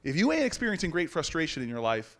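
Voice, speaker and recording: Male guest speaker in his forties, self-mocking storyteller, bright and lively voice. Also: a little high, quick pace. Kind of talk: storytelling speech to an audience. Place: university lecture hall.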